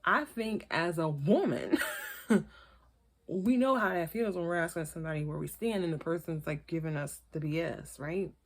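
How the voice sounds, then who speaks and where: A woman's voice: on the low side, normal speed. Chatty woman reviewing reality TV. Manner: chatty, opinionated, recaps with acted quotes. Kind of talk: casual gossip commentary.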